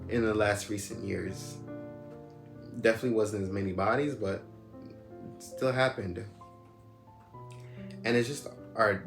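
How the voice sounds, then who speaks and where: A young man tells a personal story in a loose, rambling way, full of fillers and restarts. His voice sits a little low. The room is echoey and loud music plays underneath. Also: gravelly. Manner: rambling, heavy use of "like" and "you know what I'm saying". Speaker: storyteller recounting a personal experience. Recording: roomy echo with loud music behind.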